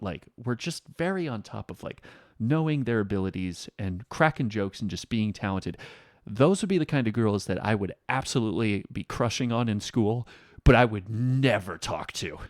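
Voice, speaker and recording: Excitable rambling man reacting. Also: on the low side, no room sound, studio quality. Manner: excitable, rambling, self-interrupting. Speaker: reaction host. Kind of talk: reaction commentary.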